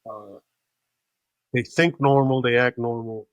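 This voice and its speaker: A man hosting a podcast, telling a casual story in an animated, profane way. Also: medium pitch, slow pace, no room sound. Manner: animated, profane, acts out other people's voices. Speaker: podcast host.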